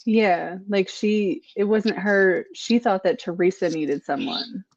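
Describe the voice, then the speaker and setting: A woman's voice: mid-range voice, takes it slowly, a little mellow, no room sound. A woman in a casual book club podcast who is agreeable and laughs easily, heard over dull, lo-fi call audio.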